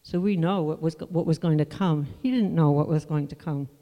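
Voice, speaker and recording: A preacher giving a sermon, teaching from the Bible in a conversational, unhurried way with asides to the listeners. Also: medium pitch, long reverb tail, lo-fi sound.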